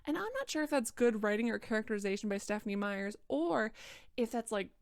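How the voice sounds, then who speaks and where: A tipsy young woman, wine-buzzed, reads a book aloud and roasts it, sarcastic and rambling, often restarting her sentences. Her voice is fairly high, fast and smooth, in a studio-quality recording with no echo.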